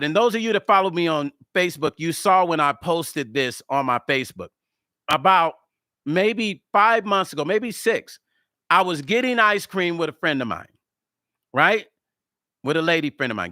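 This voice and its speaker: A man tells a story straight to his viewers, acting out each quoted line and swearing as he goes. His voice sits high and sounds bright and forceful. The recording is dry and close, with almost no room sound. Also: no echo. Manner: animated, acts out quoted dialogue, swears freely. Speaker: music vlogger. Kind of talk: casual storytelling to camera.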